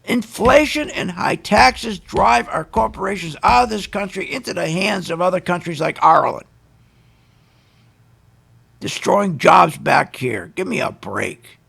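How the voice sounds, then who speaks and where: A man's voice: sits high, a little slow, gravelly, a bit bright, slightly rough. A man hosting a radio show, delivering an opinionated, ranting monologue full of sarcastic asides.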